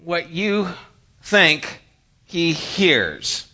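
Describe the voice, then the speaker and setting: Animated bright-voiced male preacher. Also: a little high, extremely slow, highs cut off. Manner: conversational and animated, swings from hushed to emphatic. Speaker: pastor. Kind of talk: sermon.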